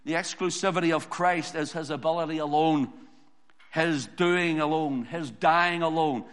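High-voiced preacher in an echoing hall. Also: male voice, a bit bright. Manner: emphatic, repetitive preaching cadence. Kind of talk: sermon. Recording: long hall reverb.

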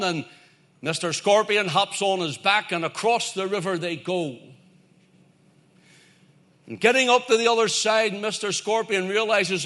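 Male preacher, high and bright, emphatic repeating sermon delivery. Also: takes it slowly, long pauses. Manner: emphatic and repetitive, building lists to a climax.

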